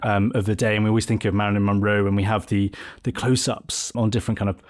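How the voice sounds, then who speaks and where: A man's voice: on the low side, flat delivery, fast. A man hosting a film podcast, speaking in a thoughtful, academic way during a conversational interview. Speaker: podcast host.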